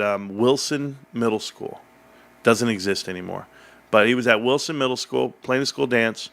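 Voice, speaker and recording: A man's voice: mid-range voice, vocal fry. A man hosting a casual livestream, rambling and joking as he chats and reads the chat. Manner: rambling, animated, jokey. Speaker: livestream host.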